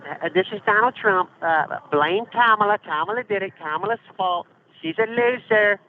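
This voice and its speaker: A man's voice: high-pitched, normal speed, slight background noise, natural voice. A man doing an impression of a brash, boastful older male politician, speaking in blunt, short put-downs over a tinny phone line. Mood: mocking. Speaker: inmate friend of the host. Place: prison.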